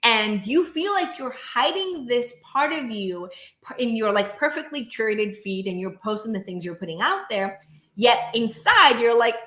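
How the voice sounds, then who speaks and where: A woman business coach talking straight to camera in an energetic, emphatic way, full of "like" and "right?", acting out her clients' inner worries in quick asides. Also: on the high side, roomy sound. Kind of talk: direct-to-camera coaching monologue.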